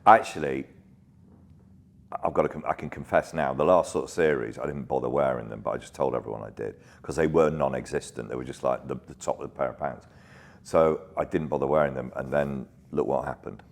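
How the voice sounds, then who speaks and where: A man with a very low, rumbling voice, chatting as a guest. He tells his stories with animation and drops swear words casually into the banter. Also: a little fast, creaky. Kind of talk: casual storytelling in conversation.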